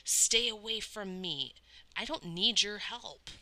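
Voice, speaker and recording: A woman reading aloud and voicing an angry, frightened teenage boy who shouts and taunts. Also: mid-range voice, big pitch swings, normal speed, voice pushed up, exaggerated voice, low-quality recording. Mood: furious. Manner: shouting, taunting, then sobbing.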